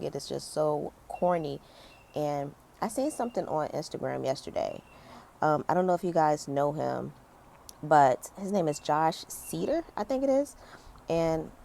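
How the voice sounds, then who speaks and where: Her voice low-pitched, a little mellow and marked by vocal fry, a woman in her 30s rants her opinions as a commentary vlogger. She's conversational and emphatic, complaining with lots of fillers, against slight background noise.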